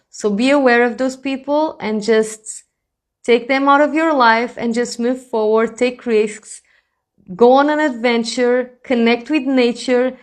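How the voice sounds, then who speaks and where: A woman giving an intuitive reading straight to her viewers, reassuring and calling them "my loves". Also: on the high side. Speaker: spiritual reader.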